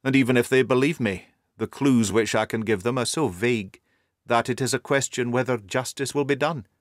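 A man's voice: mid-range voice, brisk, no echo, studio quality, close to an everyday voice. A man reading the part of a shaken young male engineer, formal and courteous in his speech. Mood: earnest. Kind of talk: audiobook character reading.

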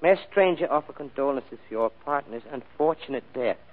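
An actor playing a fussy, overly courteous foreign gentleman with formal phrasing in a vintage radio drama. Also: mid-range voice, animated, a little fast, natural voice. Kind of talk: 1940s radio acting. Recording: tinny old radio broadcast recording.

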